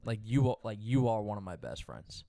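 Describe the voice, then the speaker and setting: A man's voice: on the low side, brisk, vocal fry. A man co-hosting a podcast in casual chat, telling stories with lots of energy and plenty of swearing. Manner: animated storytelling, heavy swearing. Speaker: podcast co-host.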